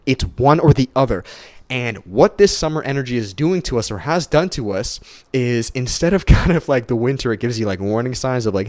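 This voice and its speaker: A young man giving a casual, swearing, motivational solo podcast monologue, stumbling and restarting and swinging his pitch up high when excited. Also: a little fast, no room sound. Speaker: podcast host.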